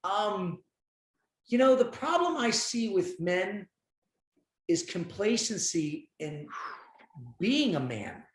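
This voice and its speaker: A man's voice: sits high, big pitch swings, slow pace, long pauses, reverberant. A man in his fifties speaking as a podcast guest, blunt and emphatic, giving tough-love talk in casual conversation. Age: 50s.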